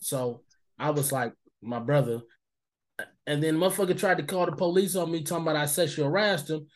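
A man's voice: fairly high pitch, quick pace. Blunt, profane man ranting. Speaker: podcast co-host. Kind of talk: casual chat.

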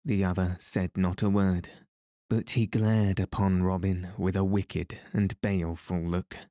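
A man narrating a storybook tale in a measured, even storytelling manner. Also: sits low, no echo, studio quality.

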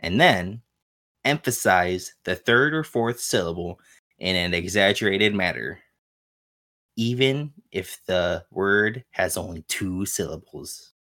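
A man's voice: sits low, lively intonation, takes it slowly, pushed and bright. A man co-hosting a casual gaming podcast, laid-back and hesitant, full of fillers as he recounts his play. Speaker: podcast co-host.

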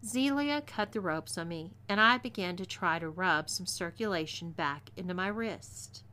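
Bright-voiced Texan woman reading a story. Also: lowish voice. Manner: twangy, expressive reading. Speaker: story narrator.

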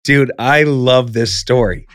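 A man's voice: mid-range voice, slow, a bit bright, dry recording. A male podcast host reacting with enthusiasm, often tripping over his words. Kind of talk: casual podcast chat.

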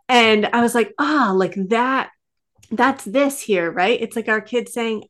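A woman's voice: on the high side, takes it slowly. A woman guest on a parenting podcast, chatting casually and telling stories with quoted voices. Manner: storytelling, animated quoting. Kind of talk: casual conversation.

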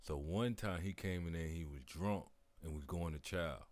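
Low voiced dude laughing about basic training, lots of cussing, dry room. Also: male voice, normal speed, darkish tone, dry recording. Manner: laid-back, profane, laughing storyteller. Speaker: army veteran in conversation. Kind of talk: casual chat.

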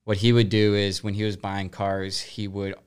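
A man with a low, flat, smooth voice tells a story in a relaxed, measured way. He speaks in an easygoing conversational tone. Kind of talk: casual conversation.

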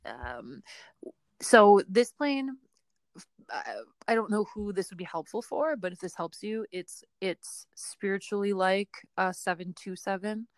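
With a medium-pitched voice and lively intonation, a woman speaks at a measured pace on a dry recording. Co-hosting a podcast, she chats casually through an aviation story, laughing often and hedging with plenty of fillers.

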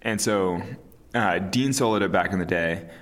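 A man in his thirties, an interview guest talking casually and calmly, with many fillers and restarts. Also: sits low, moderate pace. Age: 30s. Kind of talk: casual conversation.

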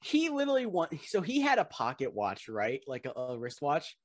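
A young man co-hosts a podcast, telling stories in a rambling, laugh-filled way with plenty of swearing. His slightly high voice swings hugely in pitch at a moderate pace, and the recording is dry.

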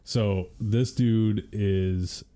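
Podcast co-host, male, low mellow voice, dry dark humor, animated storyteller. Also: very slow. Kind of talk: casual storytelling chat.

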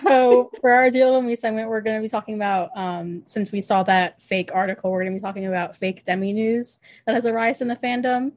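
A woman's voice: fairly high pitch, fairly even intonation, quick pace, few pauses, darkish tone. A young woman co-hosting a casual fan podcast, chiming in with short remarks and giggles. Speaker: podcast co-host.

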